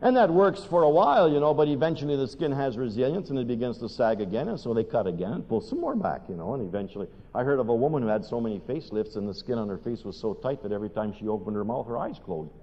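A man's voice: medium pitch, fast talker, hardly any pauses. Older man preaching in an echoing hall. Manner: animated storytelling, asks the audience questions. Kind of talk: sermon with humorous stories. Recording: dull recording in a long-reverb hall.

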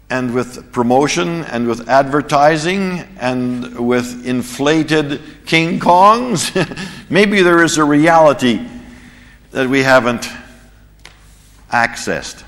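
Man preaching in a reverberant hall. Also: medium pitch. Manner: storytelling, animated, chuckles at his own jokes. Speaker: preacher teaching a church class. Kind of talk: sermon with anecdote.

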